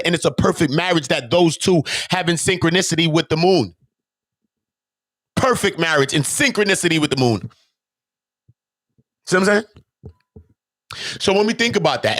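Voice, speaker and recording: A man hosting his own channel, talking off the cuff to viewers in an emphatic, preachy way full of rhetorical questions, swinging from loud bursts to low mutters. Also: dry recording, clean studio sound. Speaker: channel host. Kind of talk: unscripted monologue to viewers.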